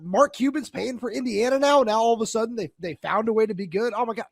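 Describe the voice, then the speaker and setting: A man with a notably high voice co-hosts a sports podcast, his speech dry and close with no room sound. He rants in an exasperated, fed-up way. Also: fast, gravelly, hardly any pauses, no echo. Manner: exasperated ranting. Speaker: podcast co-host. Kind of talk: casual sports talk.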